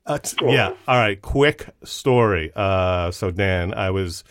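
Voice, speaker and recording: A man's voice: low-pitched, lively intonation, slow pace, a bit bright. A man co-hosting a podcast, chatting in a jokey, enthusiastic way. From United States. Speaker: podcast co-host. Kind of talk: casual chat.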